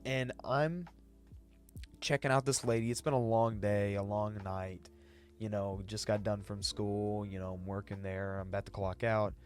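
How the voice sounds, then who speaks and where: A man's voice: level tone, moderate pace, faint music behind. A young man telling a casual retail story time, ranting and swearing, his voice jumping up when he gets exasperated. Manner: ranting, swings high when exasperated, profane.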